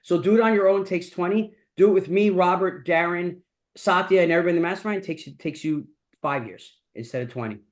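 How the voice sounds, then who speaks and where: A man's voice: high voice, fairly quick. A middle-aged man hosting a mastermind, giving a blunt, profane motivational talk that keeps returning to the same catchphrases. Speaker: mastermind host.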